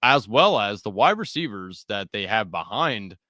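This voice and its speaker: A man with a bright, forceful voice and a low-pitched tone talks through his sports betting picks in casual, joking chat. The sound is dry and close to the mic. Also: sing-song, moderate pace, no room sound. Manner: laid-back, joking, laughs between picks. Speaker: co-host of a sports betting show.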